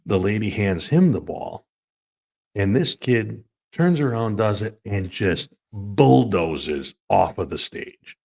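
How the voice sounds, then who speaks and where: Deep-voiced guy with a gravelly fry, rambling through a funny story on a sports chat show. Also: big pitch swings, slow pace, a little mellow. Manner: rambling, laughs through his own stories. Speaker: sports talk show co-host.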